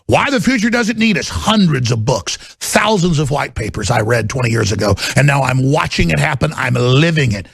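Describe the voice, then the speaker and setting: Gravelly man ranting with rising shouts. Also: very animated, normal speed, hardly any pauses, dry recording. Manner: swings from low muttering to shouting, repetitive. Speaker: talk show host. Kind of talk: impassioned rant.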